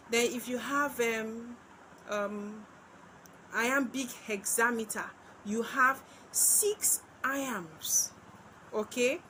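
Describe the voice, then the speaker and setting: Woman, Nigerian English accent, teacher, slow and deliberate, repeats herself, faint room noise. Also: medium pitch, fairly bright tone, poor audio. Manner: slow, repetitive, checks in with "okay?". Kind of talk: exam-prep literature lesson.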